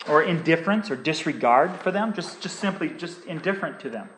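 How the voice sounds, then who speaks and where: High-voiced man preaching in an echoey hall. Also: lively intonation, brisk, a bit bright, slight background noise. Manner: earnest, repetitive appeals with many restarts. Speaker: pastor. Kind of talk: sermon.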